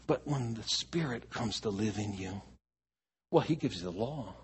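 A man preaching a sermon as pastor, animated, swinging from loud emphasis to near hush. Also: lowish voice, normal speed, slightly rough.

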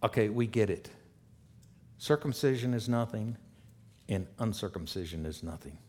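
A male pastor preaching a sermon in a church room, swinging between loud, emphatic stretches and quiet asides, and slowing down to read scripture deliberately. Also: fairly low pitch, lively intonation. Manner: reads scripture slowly and deliberately.

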